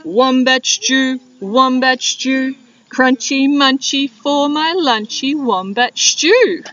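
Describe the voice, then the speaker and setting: A woman's voice: high-pitched, lively intonation, measured pace, sharp tone, recorded from a distance, exaggerated voice. A woman doing a sly, boastful dingo chanting his stew song. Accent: Australian. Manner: sing-song gloating chant. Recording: dull lo-fi with wind noise.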